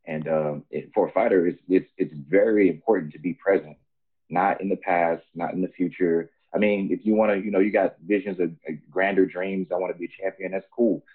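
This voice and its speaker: A man's voice: low-pitched, fairly even intonation, normal speed, husky. A man who has fought himself, talking earnestly in a casual podcast chat and explaining from experience. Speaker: guest fighter. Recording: tinny phone-like line.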